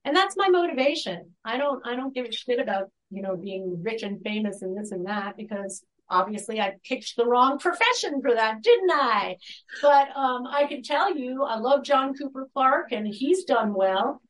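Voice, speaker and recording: A woman's voice: fairly high pitch, normal speed, poor audio. Chatty laughing New woman. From New York. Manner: chatty, animated, laughs often, swears casually. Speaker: guest poet. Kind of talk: casual chat over a video call. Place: at home by her computer.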